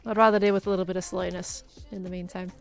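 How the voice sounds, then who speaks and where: A woman's voice: fairly low pitch, little pitch movement, fast, creaky, faint music behind. A woman chatting casually and giggling as she thinks aloud while playing a game. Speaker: gaming streamer.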